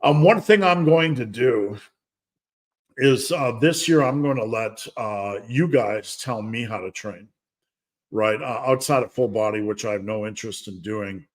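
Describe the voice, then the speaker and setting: A man's voice: fairly low pitch, unhurried. A middle-aged man hosting a casual fitness livestream Q&A, chatty and rambling, with asides and laughs. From United States. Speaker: fitness coach and livestream host.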